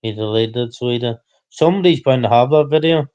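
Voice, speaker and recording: A man's voice: mid-range voice, quick pace, darkish tone, highs cut off. A man hosting a casual livestream chat, rambling and repeating himself, getting heated.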